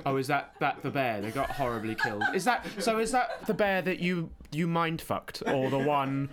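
A man's voice: fairly high pitch, lively intonation, moderate pace, a loud crowd. Rambling man running a tabletop game. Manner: loose, rambling narration with many fillers and restarts. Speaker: game master.

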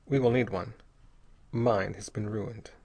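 A man voicing a courteous, composed adventurer in an audiobook, speaking politely and calmly. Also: lowish voice, vocal fry, husky, full character voice. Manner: polite, calm and measured.

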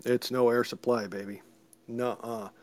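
A man's voice: medium pitch, level tone, a little slow. Joking casual male podcast host. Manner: jokey, rambling. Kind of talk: casual chat.

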